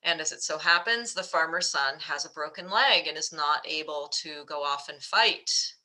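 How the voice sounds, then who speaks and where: A woman's voice: sits low, moderate pace, sharp tone, poor audio. A woman coach presenting a webinar, telling a story in a chatty way with fillers. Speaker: mental fitness coach.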